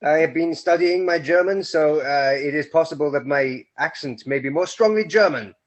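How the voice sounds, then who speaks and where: A man with a fairly high voice chats casually at a tabletop game, explaining himself to the group in a chatty way. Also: moderate pace.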